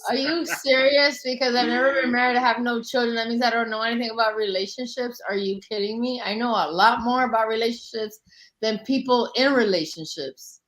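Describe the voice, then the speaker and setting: A woman's voice: fairly high pitch, a little fast, fairly bright tone, poor audio. A woman in her forties hosting a live panel, talking bluntly and confrontationally, with boastful self-assurance. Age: 40s. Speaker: panel host. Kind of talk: heated live panel talk.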